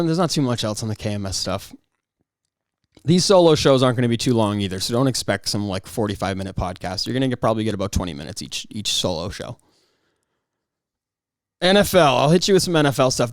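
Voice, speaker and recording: A man hosting a solo podcast, rambling in a casual, excitable way with frequent restarts and mock outrage. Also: medium pitch, dry recording, studio quality. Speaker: podcast host.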